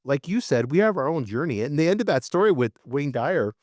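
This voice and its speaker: A casual male podcast co-host talks with a lively, swinging pitch and swears freely. The sound is close and dry. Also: a little fast, no echo. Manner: animated, casual, swears, calls his partner bro.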